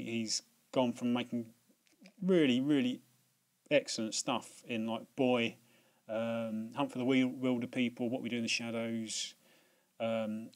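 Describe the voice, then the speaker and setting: British male vlogger, mid-range voice, loose rambling delivery full of false starts. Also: mid-range voice. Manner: rambling, many restarts and fillers; laughs at himself, swears casually. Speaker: video host. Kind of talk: casual chat.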